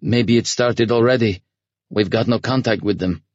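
A man voicing a blunt, hardened middle-aged military commander who speaks flatly and a notch louder than the narration. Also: fairly low pitch, normal speed, dry recording, muffled recording, pitched above the performer's own voice, lightly acted. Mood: grim. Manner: flat, matter-of-fact, raised.

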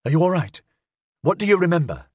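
A man's voice: a little high, sing-song, fast talker, no room sound, clean studio sound, voice pushed up. A man voicing a tough, injured woman pilot who speaks tersely and bluntly in an audiobook. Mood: tense.

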